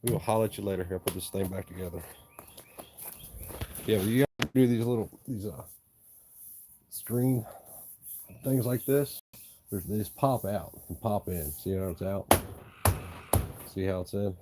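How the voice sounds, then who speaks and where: A man's voice: lowish voice, moderate pace, pauses often. A man from East Tennessee, chatting bluntly and profanely as he works on a job site. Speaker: handyman vlogger. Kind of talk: casual chat while working. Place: outdoors at a rural work site. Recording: loud outdoor background noise.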